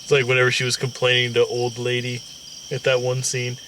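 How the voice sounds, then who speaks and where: A man's voice: medium pitch, monotone, fairly quick, recorded from a distance, background noise. A man co-hosting a casual movie review, talking in a rambling, slangy, profane way. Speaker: co-host.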